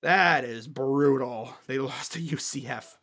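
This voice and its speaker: A man's voice: mid-range voice, slow pace, creaky, bright, forceful tone. A man streaming casual college football chat, thinking aloud and rambling with fillers and restarts. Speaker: sports streamer.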